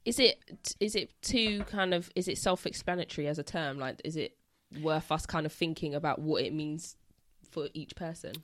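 A woman's voice: deep voice, moderate pace, hardly any pauses, a bit bright, no echo. A woman co-hosting a casual podcast, who asks questions in a light, friendly way. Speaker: podcast co-host, social worker. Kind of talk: casual chat among friends.

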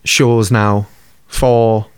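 A man's voice: on the low side, flat delivery, extremely slow, smooth, no echo, studio quality. A man, co-hosting a casual chat, laid-back and sweary, laughing easily. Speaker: podcast co-host.

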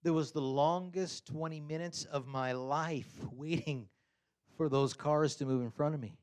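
A man giving a casual, humorous sermon, animated and often chuckling, acting out quotes with sudden high pitch jumps. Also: unhurried, clear, resonant tone.

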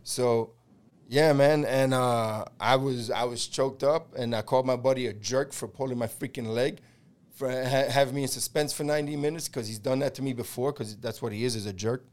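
Animated middle-aged man telling a story. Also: mid-range voice, moderate pace. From United States. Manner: animated storyteller who acts out quotes, swears, laughs. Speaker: podcast host. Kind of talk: casual storytelling chat.

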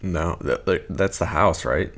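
A man co-hosting a podcast in casual chat, answering with dry, deadpan quips. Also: low voice, unhurried. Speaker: podcast co-host.

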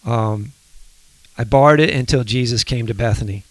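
A man co-hosting a faith podcast, speaking in a soft, reflective, halting way. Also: medium pitch, no echo. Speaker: podcast co-host.

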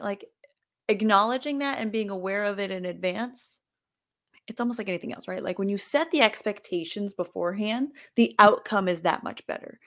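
A woman's voice: medium pitch, fairly bright tone. A woman hosting a casual podcast chat, talking in a relatable, conversational way and often saying "like.". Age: adult with children. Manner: conversational, relatable, lots of fillers like "like".

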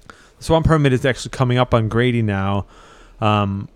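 A man with a smooth, clear voice tells a spooky story in an easygoing, unhurried way, pausing on his fillers. The sound is dry and close. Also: mid-range voice, no room sound. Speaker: storyteller and co-host. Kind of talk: casual storytelling.

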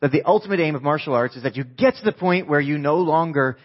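Lively preaching man, dull lo-fi sound. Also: on the high side. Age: adult, married with a wife. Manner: lively, jokey, quizzes the audience with quick questions. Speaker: pastor. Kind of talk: conversational sermon to a live congregation.

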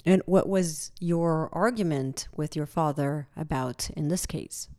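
Female interviewer with a non-native accent; mellow tone, eager questions. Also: deep voice, unhurried. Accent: non-native English. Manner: curious, enthusiastic questioning. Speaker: interviewer, host. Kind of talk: interview conversation.

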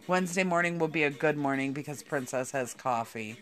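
A woman's voice: low-pitched, a little fast, fairly bright tone. A woman with a drawl spins a rambling, profanity-laced story. She talks casually and keeps breaking into laughter as she goes.

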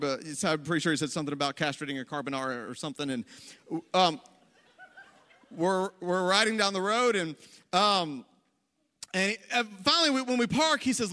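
A young man preaching as pastor to a congregation, telling a story with animated energy that rises toward near-shouting on key lines. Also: sits high, fast talker. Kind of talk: sermon storytelling. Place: church hall before a congregation. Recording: long hall reverb.

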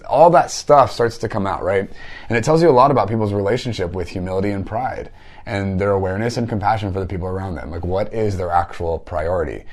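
A man's voice: lowish voice, a little mellow. A man mentoring listeners in a casual teaching talk, conversational, often tagging thoughts with "like" and "right?". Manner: conversational, frequent "like" and "right?" tags.

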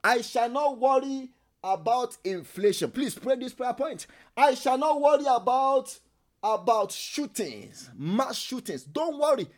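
High-voiced man leading fervent prayer. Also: lively intonation, a little slow. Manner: emphatic, repeats phrases, swings between soft and loud; speaks in tongues while praying. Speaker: prayer leader. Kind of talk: leading a prayer meeting sermon.

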